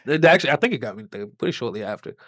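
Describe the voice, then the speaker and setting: A man's voice: medium pitch, very animated, very fast, fairly bright tone, dry recording, studio quality. A man who hosts a podcast and does comedy, telling a story in a rambling, casual way, with lots of swearing and "like" fillers. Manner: rambling, profane, many "like" fillers.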